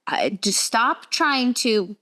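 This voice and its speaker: A middle-aged woman giving an energetic talk as a guest speaker, acting out quoted conversations. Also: fairly high pitch, slow. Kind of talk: casual talk with stories.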